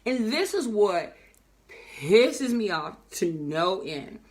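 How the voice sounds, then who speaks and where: A woman business coach giving an animated, emphatic motivational talk, acting out the people she quotes. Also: medium pitch, slow.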